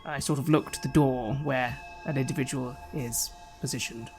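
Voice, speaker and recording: Measured man voicing a clinical character. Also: medium pitch, fairly even intonation, over music. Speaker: player. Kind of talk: tabletop role-play, in character.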